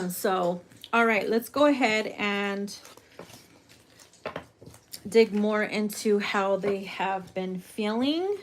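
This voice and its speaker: A woman giving a casual tarot reading, brash and profane, theatrical and quick to laugh. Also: medium pitch, slight background noise. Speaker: tarot reader.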